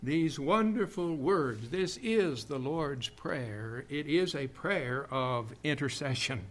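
A man preaching a sermon, reading scripture in old-fashioned wording and rising from quiet passages to fervent shouting. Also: mid-range voice, animated, slow pace. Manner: King James scripture reading, builds to shouting.

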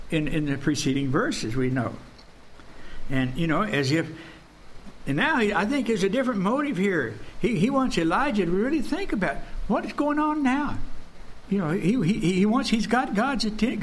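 Earnest high-voiced male preacher. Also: slight background noise. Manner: earnest, repetitive, drops to a hush for emphasis. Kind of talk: sermon.

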